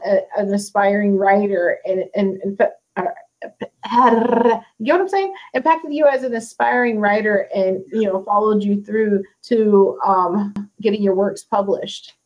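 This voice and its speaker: An American woman hosting an interview, chatty and quick to laugh, with lots of "you know". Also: mid-range voice, muffled recording. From United States. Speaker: interview host. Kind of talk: casual interview chat.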